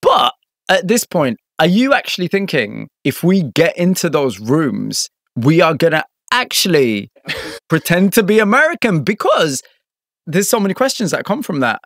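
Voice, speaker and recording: Curious interviewer man, fairly high voice. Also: sing-song, moderate pace, a bit bright, no room sound, studio quality. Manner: curious, asks probing follow-ups.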